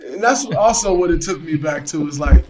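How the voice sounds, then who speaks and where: A man in casual chat, telling stories with animated energy and acting out his own shouts. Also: fairly high pitch, a little fast. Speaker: guest, pro athlete.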